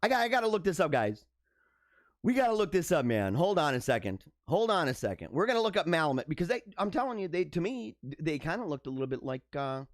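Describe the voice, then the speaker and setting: A man hosting a live stream, chatting casually with viewers in a joking, animated way, laughing often and stumbling over his words. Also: fairly high pitch, fast, no room sound, clean studio sound. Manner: animated, joking, frequent laughs and stammered restarts.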